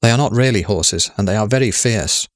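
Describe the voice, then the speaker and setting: A man voicing Death as a young woman in a storybook, speaking softly, sweetly and earnestly. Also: fairly low pitch, fairly quick, no room sound, clean studio sound, close to an everyday voice. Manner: soft, earnest, apologetic.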